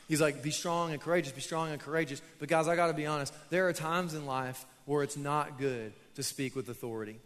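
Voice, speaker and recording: A young man preaches to his church in a loose, storytelling way, poking fun at himself between points. His voice sits a little high. The sound carries a long reverb from a large hall. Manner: casual, storytelling preacher who laughs at himself. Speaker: pastor. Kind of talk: sermon. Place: church auditorium.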